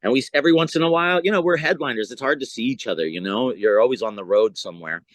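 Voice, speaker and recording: A man's voice: mid-range voice, quick pace, no room sound. A male comedian telling stories in casual chat, acting out other people's voices as he goes. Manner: animated, acts out voices in his stories. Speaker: stand-up comedian guest. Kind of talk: casual storytelling.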